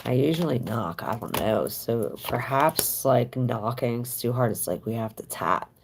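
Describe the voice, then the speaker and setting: A woman's voice: extremely low pitch, animated, measured pace, background noise. A woman giving a casual live-stream tarot reading, chatting with viewers and answering their comments aloud. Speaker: tarot reader.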